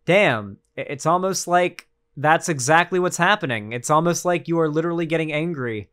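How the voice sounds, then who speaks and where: A man's voice: a little high, normal speed, a bit bright, clean tone. A man streaming casual political commentary, rambling and sarcastic, with lots of fillers and restarts.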